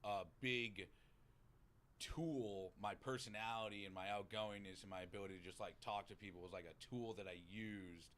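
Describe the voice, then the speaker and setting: The voice sits on the low side at normal speed: a Boston man guesting on a podcast, recounting recovery stories in relaxed conversation. He's animated and profane, acting out the things people told him.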